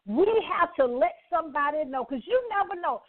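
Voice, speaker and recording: A woman's voice: high-pitched, animated, a little fast. A woman with a Southern US accent hosting an inspirational radio show, exuberant and preacherly, tossing call-and-response questions to her listeners. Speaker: radio host. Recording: tinny phone-like line.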